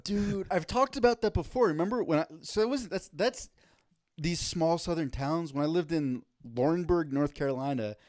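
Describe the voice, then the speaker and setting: A man's voice: a little high, normal speed, dry recording, clean studio sound. A man co-hosting a casual comedy podcast, telling stories and acting out quotes. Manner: animated storytelling, acts out quotes. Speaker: podcast co-host.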